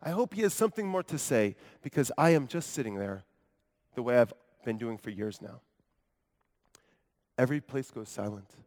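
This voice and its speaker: A man playing a lively paralyzed man from Capernaum. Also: medium pitch, moderate pace, long pauses, lightly acted. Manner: expressive storytelling with wry asides to the congregation. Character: paralyzed grown man from Capernaum, earnest, wry. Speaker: preacher in character. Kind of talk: first-person dramatic monologue sermon. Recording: long hall reverb.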